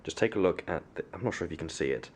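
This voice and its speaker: Low-voiced young Englishman rambling to camera. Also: animated, racing, a little hiss or hum. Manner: rambling, self-mocking, many fillers and restarts. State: sunburnt. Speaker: vlogger. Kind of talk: casual vlog chat to camera.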